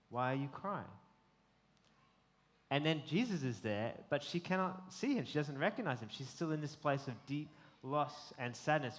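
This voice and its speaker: Earnest man preaching a sermon. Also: mid-range voice. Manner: earnest, reflective, frequent ums. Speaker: pastor.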